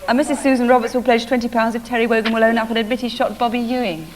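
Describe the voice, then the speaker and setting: A woman reading telethon pledges in a brisk, lightly teasing manner. She talks fast in a slightly high voice, with a loud crowd and heavy noise behind. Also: fairly even intonation. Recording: noisy studio with loud crowd.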